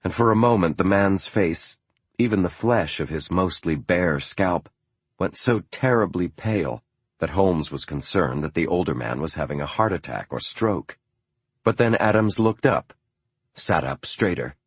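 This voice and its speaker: Deep, husky-voiced male narrator. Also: expressive, measured pace, no echo. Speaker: audiobook narrator. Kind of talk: scripted narration.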